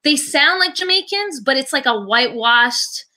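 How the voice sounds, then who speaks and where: Bright-voiced woman guest, lively storyteller, casual podcast chat. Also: high-pitched, normal speed. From Toronto, Canada. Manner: animated storyteller, many "like" fillers. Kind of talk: casual conversation.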